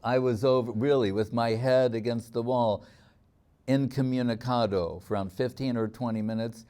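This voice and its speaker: A man with a mellow, warm voice gives a devotional talk, telling stories reflectively to the people with him. He often slows down on key words and draws out phrases. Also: mid-range voice, steady tone, clear, resonant tone. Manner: reflective storytelling, slowing on key words, chuckling. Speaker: spiritual teacher.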